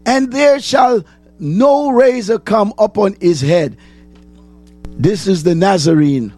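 A man preaches a sermon, posing questions to the congregation and answering them himself, repeating phrases and building up to shouts. His voice sits high and slow, with faint music in the background.

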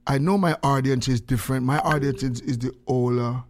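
An older man from Jamaica with a Jamaican accent, hosting a morning radio show and chatting with callers in animated, laughing patois. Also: medium pitch, a little fast. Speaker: radio host. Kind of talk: casual radio chat with callers.

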